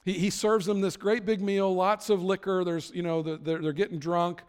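Man, high-pitched, casual sermon storytelling, long hall reverb. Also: level tone, normal speed, clean tone. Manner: casual retelling with acted-out quotes.

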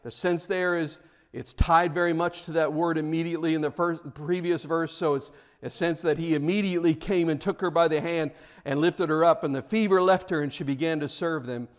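A man's voice: a little high, fairly even intonation, brisk. Earnest man preaching through scripture. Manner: earnest, repeats words, restarts sentences; reads scripture aloud, then explains. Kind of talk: expository sermon.

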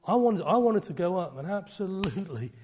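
A middle-aged man preaching a sermon, swinging from loud declarations to hushed, almost whispered lines. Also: high-pitched, animated, brisk, slight background noise.

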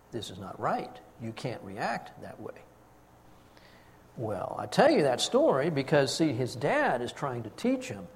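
An older man, a grandfather, preaching a sermon and telling a family story with lively, acted-out quotes. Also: a little high, vocal fry, long reverb tail. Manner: storytelling, animated, acts out quotes. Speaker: pastor.

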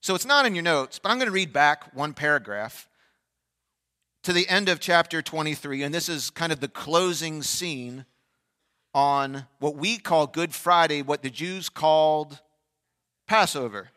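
A man preaching an energetic Easter sermon as pastor, shifting between loud fervent bursts and quiet, reflective asides. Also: a little high, a little slow, clean tone. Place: large church sanctuary. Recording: long church hall reverb.

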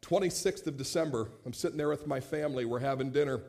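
A man in his late thirties preaching a sermon as pastor, animated, acting out quoted voices and repeating words as he starts phrases. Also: fairly high pitch, quick pace, few pauses. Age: 30s.

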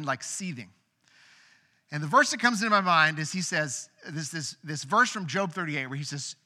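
A man in his thirties preaching a sermon, telling a personal story in an earnest way that swings from hushed to emphatic. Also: on the high side. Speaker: pastor. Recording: long hall reverb.

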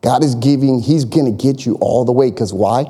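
A man's voice: medium pitch, moderate pace, mellow, breathy edge. A man preaching a sermon as pastor, emphatic, calling out to the congregation and whooping. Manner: emphatic, call-and-response, bursts of whoops. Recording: long reverb of a large hall.

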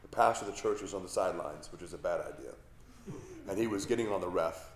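A man's voice: sits low, fast talker, a little hiss or hum. A middle-aged male pastor giving a sermon in a conversational way, with rhetorical questions and asides.

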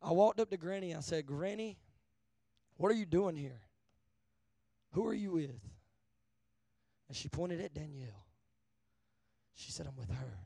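A man preaching a sermon, asking the crowd for an amen, swinging from hushed to loud. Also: on the high side, a little slow, creaky, pauses often, no room sound. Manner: call-and-response, asking amen often; shifts between hushed and loud.

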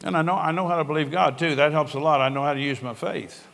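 A man's voice: on the high side, steady tone, fast, vocal fry, fairly bright tone. Older male pastor preaching in a reverberant hall. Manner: earnest storytelling, conversational preaching with quoted dialogue. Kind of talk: sermon. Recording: long reverb of a large hall.

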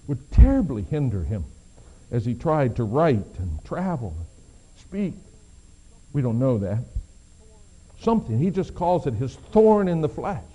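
Male pastor, sermon, dramatic delivery, lively pitch, slightly high voice. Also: poor audio. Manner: dramatic, swings from hushed to emphatic.

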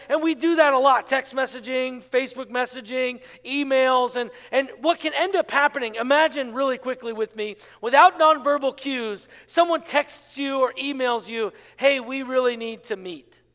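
A man preaching as a pastor, animated, acting out inner voices and asking the congregation to answer back. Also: very high-pitched. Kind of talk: sermon. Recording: long hall reverb.

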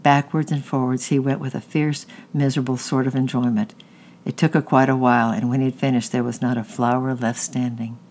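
A narrator reading a chapter of a novel aloud in a steady storytelling manner. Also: mid-range voice, a little fast. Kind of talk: audiobook reading.

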